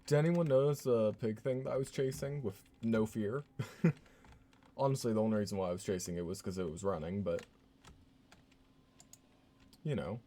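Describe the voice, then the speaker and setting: A man's voice: on the low side, normal speed, pauses often, mellow. A man playing a horror game live, joking and laughing as he reads notes aloud in a put-on voice. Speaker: streamer.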